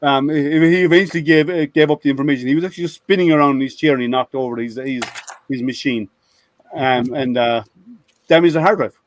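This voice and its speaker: A man's voice: on the high side, quick pace, a little hiss or hum. A man in casual group conversation, telling rambling workplace stories with many restarts. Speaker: IT product manager at a software company. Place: online video hangout.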